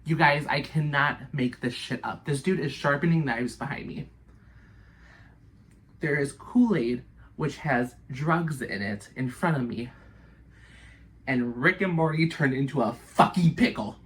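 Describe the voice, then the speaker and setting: A woman vlogger telling a story to her viewers, animated and breathless, swearing constantly. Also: extremely low pitch, a little slow. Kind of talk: casual storytelling to camera.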